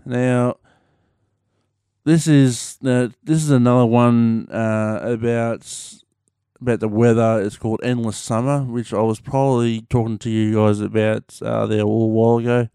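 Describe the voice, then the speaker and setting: A male vlogger with an Australian accent rambles easily to camera, using lots of slang and filler words. He has a medium-pitched, mellow voice, clear and resonant, with fairly even intonation at a moderate pace. The audio is studio quality, free of room sound.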